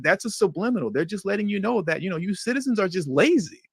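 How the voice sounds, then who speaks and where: A man hosting a livestream, reacting to news clips with animated, indignant commentary that slips into slang. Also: sits high, fast, vocal fry, few pauses, breathy edge, no room sound, studio quality. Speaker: livestream host.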